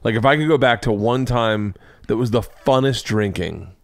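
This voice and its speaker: A man's voice: medium pitch, normal speed, no room sound. A man hosting a podcast in casual chat, rambling with lots of fillers and restarts. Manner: animated, rambling with many fillers. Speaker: podcast host.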